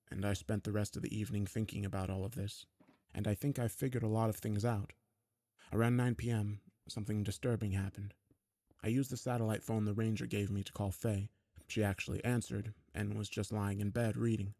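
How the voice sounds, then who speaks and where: A man with a fairly low voice narrates a first-person horror story, steady and low-key. The sound is dry and close, with almost no room around it. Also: brisk, gravelly, dry recording.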